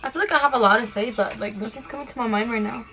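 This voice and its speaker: Bright-voiced young woman chatting fast. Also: fairly high pitch, faint music behind. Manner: fast-talking, full of "like" fillers. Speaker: beauty vlogger. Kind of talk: casual get-ready-with-me chat.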